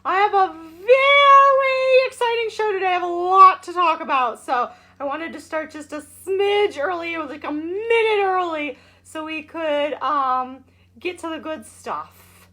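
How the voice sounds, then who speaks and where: A woman hosts a casual live stream, her voice very high and bright. She talks slowly, bubbly and chatty, calling out to viewers by name in sing-song greetings. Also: lively intonation. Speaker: show host.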